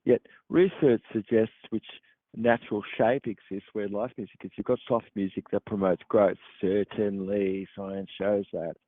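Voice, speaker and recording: A man hosting a show, explaining at length in a halting, rambling way with many fillers. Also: fairly low pitch, fairly even intonation, dry recording. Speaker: podcast host. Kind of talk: meandering explanatory monologue. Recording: dry tinny phone-like sound.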